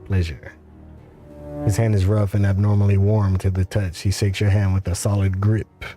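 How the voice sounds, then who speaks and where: A man reading a video game's text aloud, slowly and with some stumbles. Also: lowish voice, monotone, over music. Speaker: game reader.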